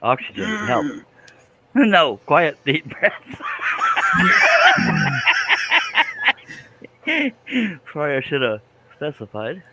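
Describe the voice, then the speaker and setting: A man's voice: medium pitch, lively intonation, measured pace, heavy background noise. A man hosting a live stream, chatting casually, teasing his co-host and laughing often. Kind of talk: casual chat while reading comments.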